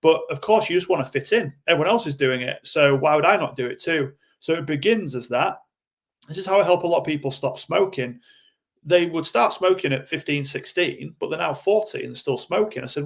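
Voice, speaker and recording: Man, gravelly edge, blunt explainer, podcast guest. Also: a little high, fairly quick. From United Kingdom. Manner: blunt, explanatory, acts out quoted voices. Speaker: guest coach. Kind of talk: podcast interview.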